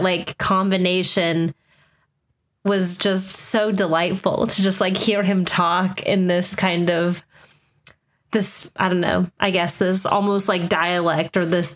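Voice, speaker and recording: A woman's voice: fairly low pitch, little pitch movement, measured pace. Chatty woman co-host. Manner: chatty, filler-heavy, trailing restarts. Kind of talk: casual chat.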